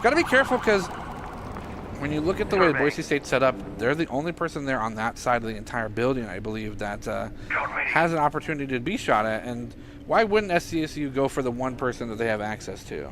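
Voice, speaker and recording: A man's voice: mid-range voice, very animated, fairly quick. A man giving color commentary on an esports match, analytical with frequent filler "uh"s. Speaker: esports caster. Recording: noisy background.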